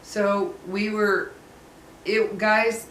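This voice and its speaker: A woman of middle pitch tells her story in an earnest, emphatic way and keeps insisting it is true. She sits back from the microphone in a roomy, echoing space. A faint hum of ambience stays underneath. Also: little pitch movement, very slow, fairly bright tone, far from the mic. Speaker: vlogger. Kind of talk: casual storytelling to camera.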